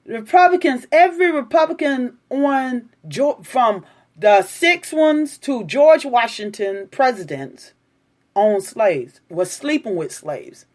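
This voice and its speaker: A woman on a live stream, answering her viewers' comments with indignant, lecturing replies. Her voice sits a little high and swings widely in pitch. She takes her time, drawing out her words. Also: animated, slow pace. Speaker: livestreamer reacting to news and viewer comments.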